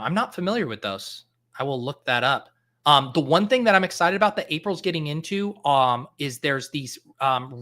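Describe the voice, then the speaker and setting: Thinking aloud with many fillers and restarts, a thirtysomething fantasy football podcast host chats casually during a live stream. His voice is on the high side and sharp in tone.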